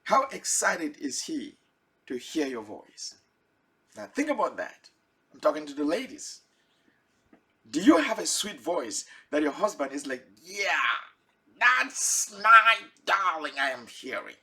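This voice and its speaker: A man's voice: a little high, big pitch swings, a little slow, pauses often, husky. A man preaching a Bible teaching sermon, asking his listeners direct questions and chuckling now and then.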